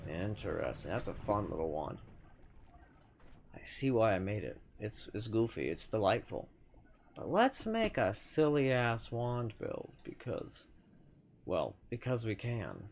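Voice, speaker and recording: A man's voice: lowish voice, big pitch swings, a little slow, vocal fry, a little mellow, slight background noise. A man streamer giving casual gameplay commentary in a chatty, playful way, with lots of self-correcting asides.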